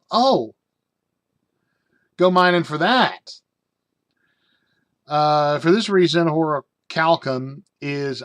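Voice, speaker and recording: A man's voice: on the high side, fairly bright tone. Rambling jokey man reviewing a rulebook. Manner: rambling, jokey asides, many fillers. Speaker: tabletop game reviewer. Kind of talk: casual review reading from a rulebook.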